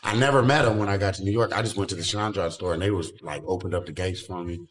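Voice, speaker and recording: Low-voiced man telling a story. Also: quick pace. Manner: animated, acts out quoted lines in a higher voice. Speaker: podcast guest telling a story. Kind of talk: casual storytelling.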